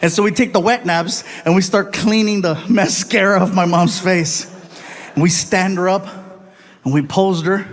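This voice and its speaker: Casting: middle-aged male stand-up comic, high voice, animated storyteller with crowd work, live stage mic. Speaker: stand-up comedian.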